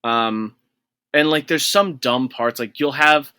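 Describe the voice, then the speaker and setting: Bright-voiced man ranting about a game. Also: mid-range voice, takes it slowly, clear, resonant tone, dry recording. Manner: exasperated, profane ranting. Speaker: podcast co-host. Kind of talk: casual gaming podcast chat.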